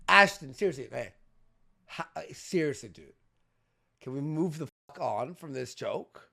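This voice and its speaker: A man's voice: medium pitch, animated, unhurried, gravelly, sharp tone. A man hosting a livestream, exasperated and cursing, laughing in frustration at his co-host. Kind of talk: casual livestream banter.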